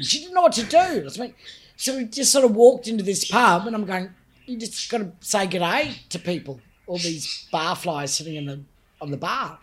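A woman with an Australian accent, a guest comedian telling bawdy stories in a casual chat, loud and quick to laugh. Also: medium pitch, expressive, slight background noise.

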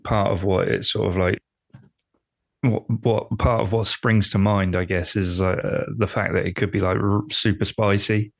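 A man's voice: on the low side, level tone, normal speed, creaky, dry recording. An English man co-hosting a podcast, telling stories in a casual, laughing way and often repeating words as he builds up. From England. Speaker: podcast co-host. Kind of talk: casual chat.

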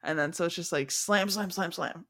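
A woman with a slightly lower voice chats on her podcast from home. She talks casually and fills her sentences with lots of "like"s as she tells animated little stories. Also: moderate pace. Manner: chatty, filler-heavy, animated storytelling. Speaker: podcast host. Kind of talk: casual chat. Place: home, remote recording.

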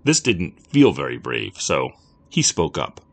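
Deep-voiced, expressive male storyteller. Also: measured pace, gravelly. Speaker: narrator. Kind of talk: scripted story narration.

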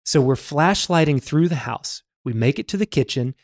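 Guy on a podcast mic, lively up-and-down voice, acts out the quotes in his stories. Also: on the high side, normal speed. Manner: animated storyteller, acts out quotes, laughs often. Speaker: podcast co-host. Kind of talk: casual chat, storytelling.

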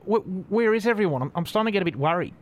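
An actor with an Australian accent playing a worried, earnest youth coach who talks from behind a mask in a comedic audio drama. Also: male voice, high-pitched, expressive, racing.

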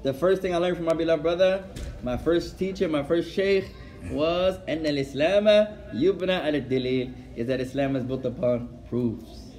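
Man, high voice, animated storyteller, religious lecture, acts out dialogue. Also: fast. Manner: animated, acts out dialogue, code-switches with Arabic phrases; laughs while telling stories. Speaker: Islamic teacher.

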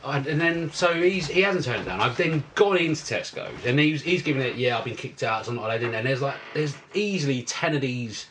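A man's voice: medium pitch, a little fast, hardly any pauses, slight background noise. A man, telling a story in a casual podcast chat and swearing a lot. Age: 50s. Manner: swearing, animated anecdote telling.

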